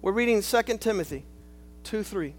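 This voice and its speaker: A man preaching a sermon, swinging between shouted lines and hushed asides, calling on the congregation for amen. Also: high-pitched, animated, normal speed, faint music behind. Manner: rhetorical, calls for amen.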